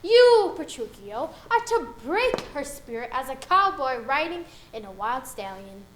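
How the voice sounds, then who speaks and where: Fussy, theatrical drama teacher, played by a woman; very high and lively voice in a roomy space. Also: unhurried, slight background noise. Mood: theatrical coaching. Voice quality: theatrical, coaxing, calls people dear. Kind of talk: student film acting. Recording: roomy echo.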